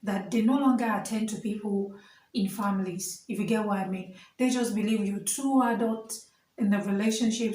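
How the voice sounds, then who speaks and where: Captured roughly from far off in a roomy space, a young Nigerian woman vlogs while standing, her medium-pitched voice mellow. She chats earnestly to camera, sprinkling in lots of fillers and asides.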